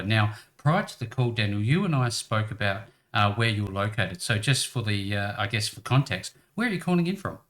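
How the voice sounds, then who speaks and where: Australian man, podcast host, lowish voice, easygoing, city accent. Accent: Australian, metropolitan. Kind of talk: podcast interview.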